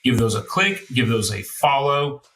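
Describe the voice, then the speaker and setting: A man's voice: medium pitch, expressive, normal speed, crowd noise. A man hosting a podcast, rambling loosely and playfully through chat and sign-off plugs. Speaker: podcast host.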